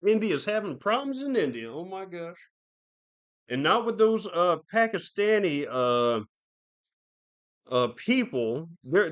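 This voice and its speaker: A man's voice: on the high side, a bit bright. A man hosting a podcast alone, rambling through casual commentary with constant swearing and fillers. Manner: profane, rambling, lots of fillers. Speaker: podcast host.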